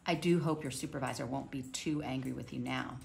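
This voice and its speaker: A woman voicing a lonely, kindly older man in a storybook, speaking softly and gently. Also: a bass voice, steady tone, a little fast, gravelly, a little hiss or hum, heavily acted. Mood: gentle.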